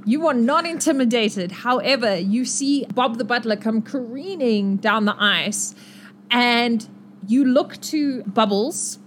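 A woman's voice: on the high side, measured pace, a little hiss or hum. A woman acting as game master, narrating a tabletop game in a chatty way with many fillers.

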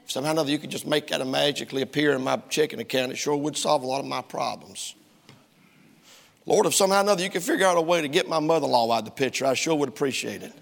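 A male pastor voicing an ordinary greedy man asking God for money, wheedling and hurried, in a church hall. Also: fairly high pitch, creaky. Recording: long reverb of a church hall.

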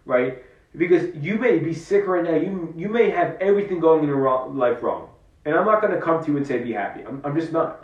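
An earnest man reflects on struggle in a personal vlog, speaking as if coaching himself. He sits well away from the mic in a roomy, echoing space. The recording sounds slightly muffled. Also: on the high side. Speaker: vlogger. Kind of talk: personal motivational monologue. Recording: roomy, distant, dull-sounding.

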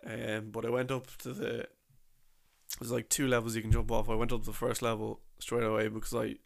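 Young guy rambling through a trip story, gravelly voice, lots of slang. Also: medium pitch, monotone, a little fast. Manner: chatty, rambling, with slang and restarts. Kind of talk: casual storytelling about a trip.

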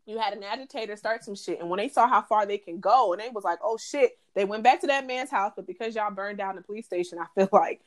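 A young woman co-hosting a podcast, ranting in a heated, profane and animated way in casual chat. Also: mid-range voice, fast, few pauses. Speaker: podcast co-host.

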